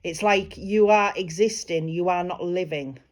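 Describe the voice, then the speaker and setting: A woman working as a psychic medium, giving a private reading in a gentle, reassuring way and relaying spirit messages. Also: on the low side, measured pace.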